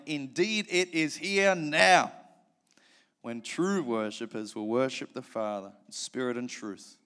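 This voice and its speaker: A man with an Australian accent preaching at a church service. He reads scripture earnestly and slips into chatty, self-mocking asides. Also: medium pitch. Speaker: pastor. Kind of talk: sermon with scripture reading and prayer.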